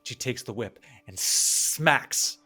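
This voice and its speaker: A man narrating a tabletop game as game master, telling the scene slowly. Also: medium pitch, expressive, bright, forceful tone, faint music behind. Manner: slow, storytelling narration.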